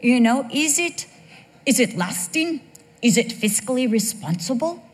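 A woman preacher delivering a sermon in an animated, joking way. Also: high voice, unhurried, long reverb tail.

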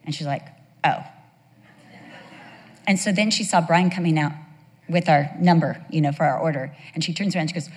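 A woman teaching a Bible sermon to a women's group, conversational and animated, telling stories with rhetorical questions. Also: low voice, moderate pace, long pauses, in a large hall.

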